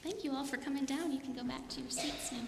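Lady pastor doing a sermon, kinda high voice, echoey sanctuary. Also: steady tone, fast talker, gravelly, noisy background. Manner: warm, questioning, leads repeat-after-me prayer. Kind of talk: sermon and children's message. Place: church sanctuary. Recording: echoey hall with long reverb.

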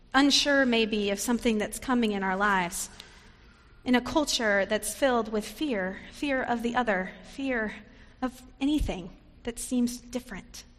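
A woman's voice: on the high side, a bit bright. Woman pastor preaching in a reverberant sanctuary. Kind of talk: sermon.

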